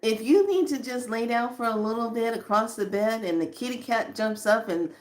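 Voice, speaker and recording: A woman giving a casual spiritual talk to viewers, chatty and animated, often laughing and slowing to a soft hush on calming lines. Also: fairly high pitch. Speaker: spiritual teacher.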